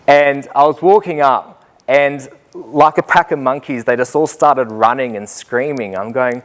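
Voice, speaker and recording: A man's voice: medium pitch, moderate pace. A man speaks at a conference in a mid-range voice. He tells his story with animation, jumping in and out of the voices of the people in it. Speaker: teacher giving a talk.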